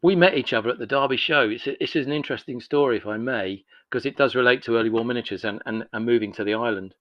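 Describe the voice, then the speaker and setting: Speaking quickly at a medium pitch, a man in his sixties from North London guests on a podcast and tells long, meandering stories, acting out conversations in a chatty way. He runs a miniatures business; the recording is muffled, with no room sound.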